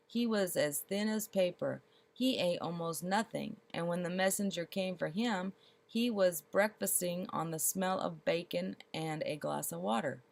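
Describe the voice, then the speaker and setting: A woman reading a children's storybook aloud, expressive and slowing down for comic details. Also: lowish voice, vocal fry.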